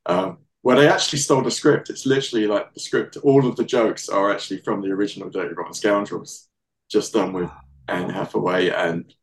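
A man co-hosting a podcast, relaxed and emphatic in casual chat. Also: lowish voice, a little fast, creaky, slight background noise, low-quality recording. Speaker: podcast co-host.

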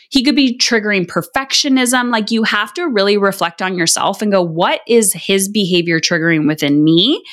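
A woman's voice: medium pitch, a bit bright. A woman hosting a parenting podcast, giving earnest, conversational advice and acting out what people say. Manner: earnest, conversational, acts out quoted lines. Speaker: podcast host and parenting coach. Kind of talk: casual advice talk.

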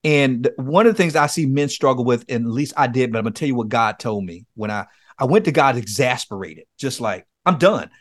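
A man's voice: medium pitch, a little fast, dry recording, clean studio sound. A man speaking as a guest, earnestly telling a personal story and acting out his own pleas. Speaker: podcast guest, men's coach. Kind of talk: conversational testimony.

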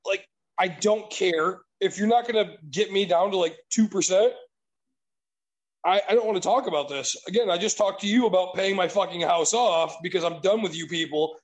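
A man's voice: high-pitched, moderate pace, poor audio. A man telling an exasperated, profanity-laced story in casual chat.

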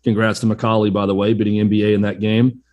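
A man's voice: fairly low pitch, little pitch movement, quick pace, a little mellow, muffled recording. A man co-hosting a sports talk show, chatting and joking casually. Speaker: co-host.

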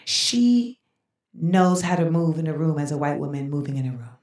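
A woman hosting a podcast, talking in a blunt, animated way and swearing freely. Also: low-pitched, moderate pace, no room sound, studio quality. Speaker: podcast host. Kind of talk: casual chat.

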